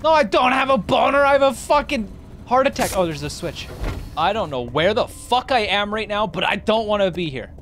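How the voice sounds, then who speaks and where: A woman's voice: mid-range voice, animated, brisk, faint music behind. A young woman streaming a horror game, panicking, swearing and laughing as she plays.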